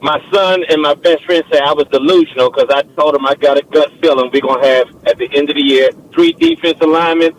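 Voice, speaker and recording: A man's voice: a little high, steady tone, fast, hardly any pauses, a little hiss or hum, poor audio. A man calling in to a sports radio show, eager and confident about his team. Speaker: caller. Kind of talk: radio call-in.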